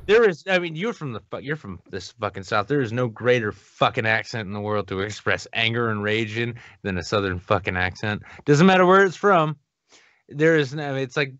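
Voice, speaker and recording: A man's voice: mid-range voice, expressive, normal speed, fairly bright tone, no echo, dull audio. A man co-hosting a podcast who swears constantly and rambles, saying he has been drinking. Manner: profane, rambling, slips into a Southern twang when drinking. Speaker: podcast co-host. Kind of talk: casual podcast banter.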